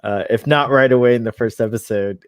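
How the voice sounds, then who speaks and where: A man's voice: mid-range voice, a little fast, no echo, clean studio sound. A man hosting a casual live-stream chat, talking like an eager fan who laughs often. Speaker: show host.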